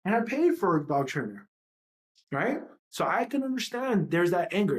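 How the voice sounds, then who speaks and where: A woman's voice: on the low side, very animated, moderate pace. Heated, profane woman ranting. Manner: profane, heated, repetitive rhetorical questions. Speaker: livestream host. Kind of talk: impassioned livestream rant.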